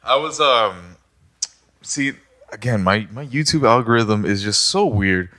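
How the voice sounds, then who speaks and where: Bright, lively man in casual chat. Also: fairly low pitch. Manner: animated, swearing, quick to laugh. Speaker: podcast co-host.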